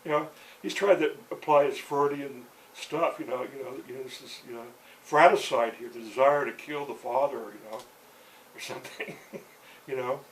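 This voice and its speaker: A man's voice: medium pitch, normal speed, recorded from a distance, rough recording. A man telling a rambling story in casual speech, filling it with "you know" and restarts. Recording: voice set back from the mic, faint background hiss.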